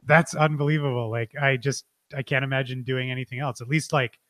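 A man's voice: mid-range voice, brisk, dry recording. Curious Canadian man interviewing, dry sound. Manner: relaxed, curious, hesitant restarts. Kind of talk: casual conversational interview.

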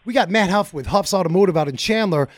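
A man hosts a car talk radio show, folksy and excitable, addressing listeners directly through a studio mic. His voice sits high and he talks fast, recorded dry.

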